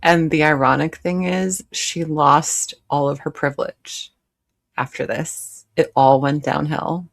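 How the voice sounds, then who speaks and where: A woman's voice: low-pitched, steady tone, unhurried, gravelly, dry recording. A woman hosting a live reaction stream, commenting bluntly and sarcastically. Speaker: reaction host.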